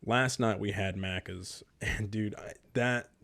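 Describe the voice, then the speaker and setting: A man's voice: lowish voice, takes it slowly, creaky, no echo. Guy telling a story. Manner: animated storyteller, swears freely, acts out quoted people. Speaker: podcast co-host. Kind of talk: casual chat.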